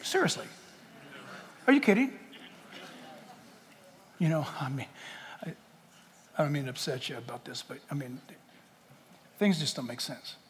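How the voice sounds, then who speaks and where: In a church sanctuary with long hall reverb, a pastor with a mid-range, very animated voice preaches a little slowly, pausing often. He's impassioned and jokey, firing off rhetorical questions.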